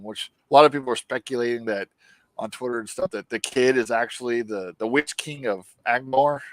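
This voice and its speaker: A man's voice: mid-range voice, dry recording. A man casually recapping a show for a podcast, swearing freely and acting out the characters' lines as he tells it. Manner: animated storytelling, acts out quotes. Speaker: podcast co-host.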